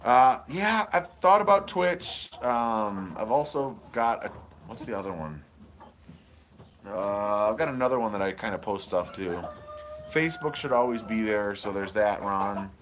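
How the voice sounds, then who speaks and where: A man's voice: on the low side, lively intonation, measured pace, fairly bright tone, a little hiss or hum. A man from Michigan hosting a casual live stream, rambling goofily as he answers viewer comments outdoors on his homestead. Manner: goofy, rambling, reads viewer comments aloud. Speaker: homesteading channel host. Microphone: wireless lapel mic.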